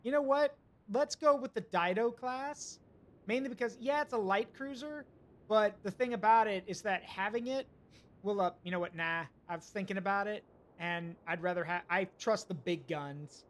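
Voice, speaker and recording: A man's voice: sits high, normal speed. A man streaming a naval strategy game, thinking aloud with hesitations and chatting to his viewers. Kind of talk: live gameplay commentary.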